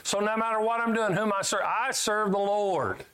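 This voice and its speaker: Brief: middle-aged preacher, homespun and emphatic, voice sits a bit high, big swings up and down. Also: male voice, normal speed, hardly any pauses, smooth. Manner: folksy, emphatic, swinging between loud highs and low asides. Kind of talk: sermon.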